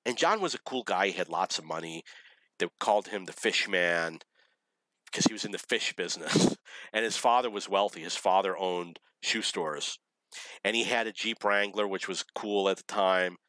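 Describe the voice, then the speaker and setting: Blunt, bright-toned storytelling man. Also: low-pitched, moderate pace, no echo. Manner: blunt, opinionated, laughs at his own stories. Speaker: vlogger telling dating stories. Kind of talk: rambling personal storytelling.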